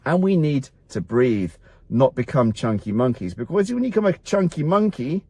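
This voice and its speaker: A middle-aged man talks straight to camera as a doctor, blunt and motivational, and keeps asking rhetorical questions and answering them himself. His voice sits at an ordinary middle pitch. The recording is dry and close, with no room sound. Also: big pitch swings, moderate pace, dark tone, slightly rough, no room sound. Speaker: doctor at a men's health clinic. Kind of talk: direct-to-camera health talk.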